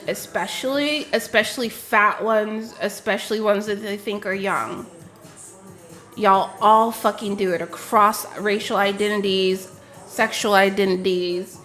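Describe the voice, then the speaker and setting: A woman's voice: mid-range voice, fairly bright tone. Indignant, profane woman telling a story. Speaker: streamer. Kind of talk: casual storytime rant.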